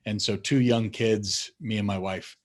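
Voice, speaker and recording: An unhurried man tells a story from his family life for a documentary. He talks slowly and stays lively, ready to mimic his children. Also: lowish voice. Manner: animated, acts out his kids' voices. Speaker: father telling a family story.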